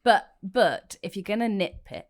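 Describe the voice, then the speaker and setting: A woman's voice: mid-range voice, lively intonation, normal speed. A woman co-hosting a film podcast, chatting casually in a playful, opinionated way. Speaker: podcast co-host. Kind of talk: casual film-review chat.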